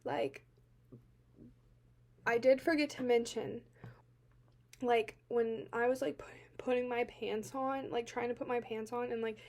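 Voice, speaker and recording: Halting, tearful young woman, high-voiced. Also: fairly even intonation. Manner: halting, full of "like" fillers, swinging from quiet to loud. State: teary-eyed. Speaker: vlogger. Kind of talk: personal account to camera.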